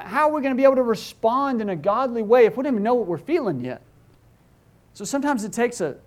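A middle-aged man preaching a sermon as pastor, earnest and pleading, asking rhetorical questions and often restarting his words. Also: high voice.

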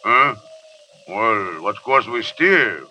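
A man's voice: fairly low pitch, animated, very slow, muffled recording, slight background noise. A man doing a French-accented pirate mate. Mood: eager. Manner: eager broken English, barked orders. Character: loyal rough pirate first mate, grown man. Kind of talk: 1930s radio drama acting.

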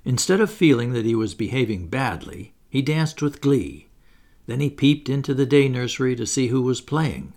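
A man's voice: mid-range voice, very animated, normal speed, a little mellow. A man reading a children's story aloud, with wry asides to the listener. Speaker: audiobook reader. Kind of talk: scripted narration.

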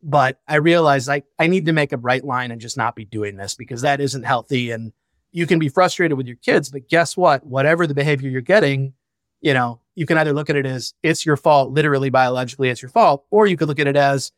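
In a dry, studio-quality recording, a fast-talking man with a medium-pitched voice sits for a candid conversational interview. As a podcast guest who is a founder and a father, he reflects frankly and swears casually.

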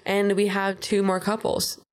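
A woman co-hosting a podcast in a loose, chatty recap. She talks at a middle pitch for a woman. She keeps dropping into playful voices when she quotes people. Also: monotone, measured pace, clear, resonant tone. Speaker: podcast co-host. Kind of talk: casual chat recapping a reality show.

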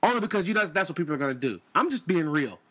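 A man's voice: on the high side, very animated, very fast, a bit bright. A man in casual comedic banter, rambling and crude, jumping between ideas and slipping into mocking voices.

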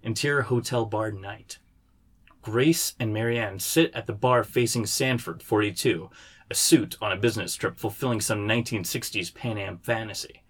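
A man, the writer, reading the stage directions of his screenplay aloud in a steady way. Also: lowish voice, moderate pace, husky.

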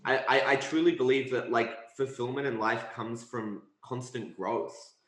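A man's voice: medium pitch, fairly even intonation, measured pace, fairly bright tone. A man hosting a podcast, earnestly affirming his guest and repeating words as he thinks. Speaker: podcast host. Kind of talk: casual conversation. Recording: roomy echo.

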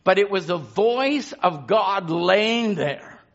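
A man preaches a sermon in a high voice, taking his time with each phrase. His delivery swells with passion and then drops back down. The recording sounds dull and lo-fi. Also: lively intonation, slow pace, creaky, a bit bright, faint music behind. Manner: impassioned preaching, rising and falling in intensity.

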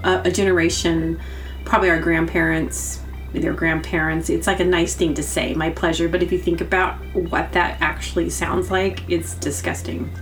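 A rambling woman tells comic stories on her podcast, giggling often and acting out silly bits of dialogue. Her voice sits fairly low. Faint music plays behind her. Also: level tone, normal speed. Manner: meandering, giggly, acts out silly quotes. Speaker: podcast host. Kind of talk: rambling comedic monologue.

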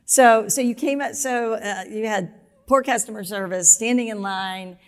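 A woman's voice: mid-range voice, normal speed. A woman hosting an interview, guiding the guest by summing up his points. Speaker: host and author. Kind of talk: interview questions. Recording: long echo like a large room.

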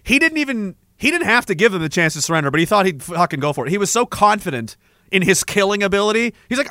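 Male livestream host from Canada; profane, rambling storyteller with a bright, dry voice. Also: sits high, big pitch swings, fast, dry recording. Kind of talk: casual livestream chat.

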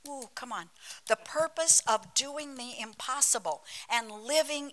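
A woman preaching a sermon in a church, her voice bright and forceful. She takes her time, leaning on each phrase and slipping into hushed whispers for emphasis. She tells stories with humor and calls out to the congregation. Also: on the high side, lively intonation, measured pace, poor audio. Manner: emphatic, drops into dramatic whispers. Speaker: pastor.

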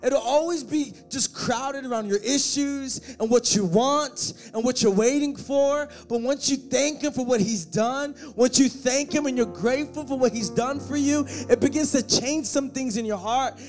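A man preaching a sermon, joking with the congregation and swelling into shouted, half-sung passages. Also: extremely high pitch, moderate pace, hardly any pauses. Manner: joking asides to the band and congregation. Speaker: pastor. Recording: faint music behind.

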